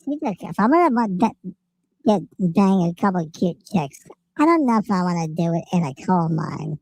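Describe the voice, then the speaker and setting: A man hosting a livestream, talking in a casual, joking way through a helium pitch-up voice effect. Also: very animated, moderate pace, gravelly, dry recording, heavily acted. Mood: goofy. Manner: joking, chatty. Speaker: livestream host. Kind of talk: casual chat.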